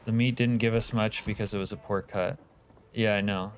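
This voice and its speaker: A man's voice: on the low side, steady tone, moderate pace, a little hiss or hum. A man from Canada streaming a multiplayer survival game, chatting casually with teammates and viewers, joking and swearing freely. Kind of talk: casual gaming livestream chat.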